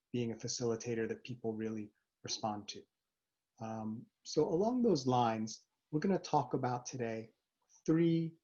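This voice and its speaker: A man hosting a video series on facilitation, coaching viewers in an upbeat, animated way with quick asides and rhetorical questions. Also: mid-range voice, slightly rough, muffled recording. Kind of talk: scripted talk to camera.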